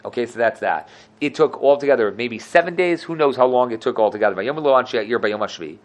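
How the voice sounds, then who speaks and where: A man teaching a lively Torah class, acting out quotes and asking "right?" often. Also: medium pitch, fast. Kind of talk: animated classroom Torah lesson.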